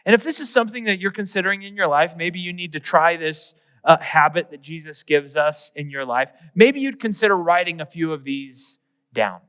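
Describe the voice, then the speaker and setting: Male pastor, humorous animated sermon, bright voice, long hall reverb. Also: fairly high pitch, moderate pace, clear, resonant tone. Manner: humorous, animated, acts out little scenes.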